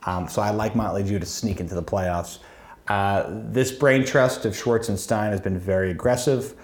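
A man with a lowish, steady voice talks at a moderate pace while co-hosting a fantasy football podcast. It's casual sports chat, chatty yet analytical as he works through matchups, with frequent ums.

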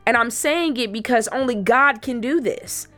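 A woman's voice: on the high side, moderate pace, pushed and bright, faint music behind. A woman giving a personal faith testimony to other women. She speaks earnestly and emphatically, repeating herself for emphasis.

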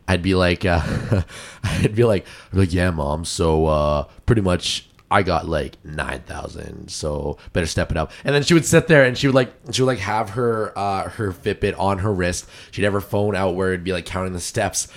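A man co-hosting a casual podcast chat while sick, his voice deep and rough, rambling and laughing often. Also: moderate pace. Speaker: podcast co-host.

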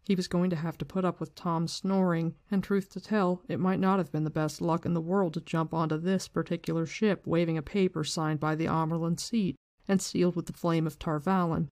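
Book-discussion host, casual and slangy, middle pitch, very dry sound. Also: level tone, fairly quick, hardly any pauses, a little mellow, no room sound. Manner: casual, swears, slangy retelling. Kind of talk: casual book discussion with read-aloud passages.

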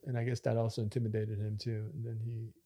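A man's voice: on the low side, completely flat delivery, fast, mellow. Man, pastor, rambling storyteller, casual podcast chat. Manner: talkative, storytelling with many fillers and restarts.

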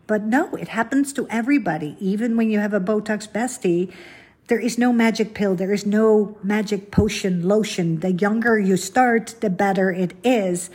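Husky-voiced woman chatting on a podcast. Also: mid-range voice, moderate pace, a little mellow. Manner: chatty and confiding, asks the listener questions. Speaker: podcast host. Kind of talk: casual solo podcast chat.

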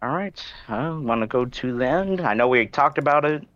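A man's voice: mid-range voice, animated, moderate pace, a bit bright, no echo. A man chatting loosely about a film, with many fillers. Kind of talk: casual film discussion. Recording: dull dry lo-fi mic.

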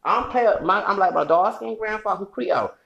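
High-pitched gravelly man ranting angrily. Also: fairly quick, fairly bright tone, lo-fi sound. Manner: profane, heated, rambling with bursts of laughter. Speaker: podcast host. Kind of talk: angry solo podcast rant.

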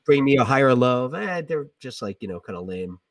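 A man's voice: medium pitch, very animated, a little fast, distant mic, crowd noise. A middle-aged man, an English teacher, chatting casually about music on a podcast, hesitant with many ums and restarts.

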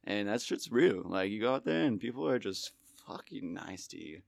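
A man's voice: lowish voice, sing-song, normal speed, creaky, no room sound. A man guesting on a podcast, telling stories in a laid-back, easygoing way, recorded in a studio. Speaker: guest, musician. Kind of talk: casual podcast chat.

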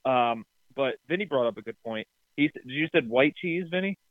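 A man's voice: mid-range voice, lively intonation, normal speed, dry recording. Guy explaining for listeners, chuckling a lot, phone-line sound. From New Jersey. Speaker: podcast co-host. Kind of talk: casual chat.

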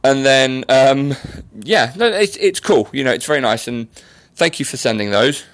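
A man's voice: medium pitch, expressive, moderate pace. A young man hosting a podcast in casual chat, joking and teasing his guest, often poking fun at himself. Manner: joking, self-mocking, teasing. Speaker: podcast host.

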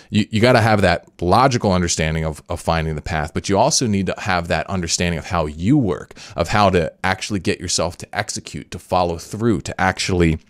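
A man's voice: deep voice, dry recording, clean studio sound. A man hosting a podcast, commenting in a rambling, casual way with frequent restarts. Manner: rambling, self-correcting, repeats words. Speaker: podcast host.

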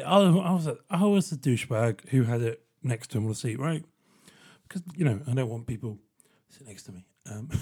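A man hosts a solo podcast in a mid-pitched voice. He rambles and jokes at his own expense, breaking into laughter often. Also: darkish tone. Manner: rambling, jokey and self-deprecating, with frequent laughs. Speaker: podcast host. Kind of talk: solo comedic podcast monologue.

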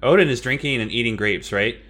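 A man's voice: mid-range voice, fairly quick, fairly bright tone. A man co-hosting a podcast, casually retelling movie scenes and laughing along. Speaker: podcast co-host. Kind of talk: casual movie recap chat.

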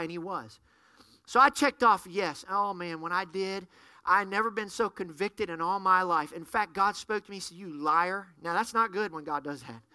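A middle-aged man, a pastor, preaching a sermon and telling stories with lively acted-out dialogue. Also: sits high, clear, resonant tone, dry recording. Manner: animated storyteller, acts out dialogue. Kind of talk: sermon storytelling.

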